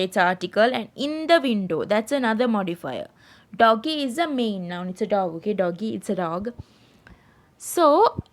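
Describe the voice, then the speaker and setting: Sri lankan lady teacher, bit high voice, online grammar class, keeps saying right?. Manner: explains patiently, keeps checking with "right?". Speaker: English teacher. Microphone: screen-share voice recording.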